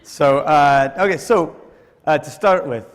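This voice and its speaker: A man's voice: on the high side, a little slow. Joking man speaking in an echoey hall. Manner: joking, conversational, self-deprecating. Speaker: conference speaker. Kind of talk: conference talk. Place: large hall with audience. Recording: echoey hall with long reverb.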